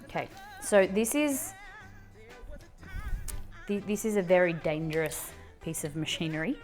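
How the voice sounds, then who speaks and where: A woman's voice: fairly low pitch, lively intonation, a little slow, darkish tone. A woman hosts a live cooking stream from her home kitchen. She chats in a loose, rambling way, full of ums and restarts. Faint music plays underneath. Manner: chatty, rambling, with frequent fillers and restarts. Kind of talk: casual chat while cooking.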